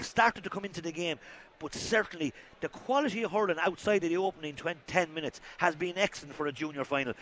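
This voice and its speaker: An Irish man calls live hurling play-by-play in a high, bright, ringing voice. He gets excited and shouts over the action at the big moments. A faint ambient hum sits behind him. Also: quick pace. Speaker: play-by-play commentator. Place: outdoor sports ground commentary position.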